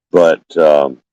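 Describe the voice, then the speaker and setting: An older man, chatting haltingly with many fillers while hosting a live stream from his phone. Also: very deep voice, warm tone, no echo, lo-fi sound. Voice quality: scratchy. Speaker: homestead channel host. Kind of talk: casual live stream chat. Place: small room with fans running.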